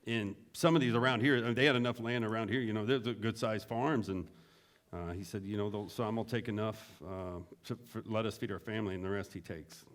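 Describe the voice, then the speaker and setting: Man, middle-aged, veteran, low voice, casual storytelling, laughs, acts out quotes. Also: steady tone, fairly quick. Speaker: veteran guest.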